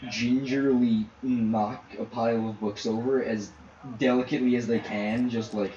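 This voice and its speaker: A man running a tabletop game, narrating in a halting way with many fillers. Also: mid-range voice, fairly even intonation, dark tone, echoey room, muffled recording, slight background noise. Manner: halting, filler-heavy storytelling. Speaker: game master.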